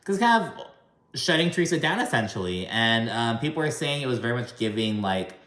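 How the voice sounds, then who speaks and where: A man's voice: medium pitch, very animated, brisk, a bit bright, roomy sound. A man giving a casual, chatty video recap of a reality show, gossipy and full of swearing.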